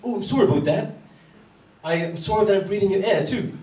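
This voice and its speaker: A man doing a quick impression of an overly apologetic polite man in a stand-up set. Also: high voice, pitched above the performer's own voice, natural voice. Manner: fawning, apologetic. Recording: roomy live venue, distant mic, crowd ambience.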